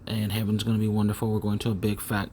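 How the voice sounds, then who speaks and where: A man's voice: lowish voice, monotone, fast, dark tone, a little hiss or hum. A man preaching in a rambling monologue, often repeating words, speaking close to the microphone. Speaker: self-styled preacher.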